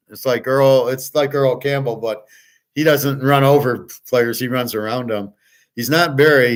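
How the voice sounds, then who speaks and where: Casting note: older male host, rambling and profane, middle-pitched voice, offhand chat. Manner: rambling, profane, repeats himself. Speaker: sports betting show host. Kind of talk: rambling casual talk.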